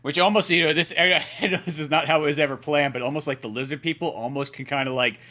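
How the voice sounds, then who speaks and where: A man co-hosting a casual podcast, talking in an animated way, swearing often and slipping into goofy voices. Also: a little high, quick pace. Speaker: podcast co-host.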